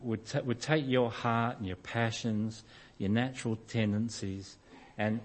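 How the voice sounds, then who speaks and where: A middle-aged man preaching a sermon in an informal, self-deprecating storytelling way, often restarting his sentences. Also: lowish voice.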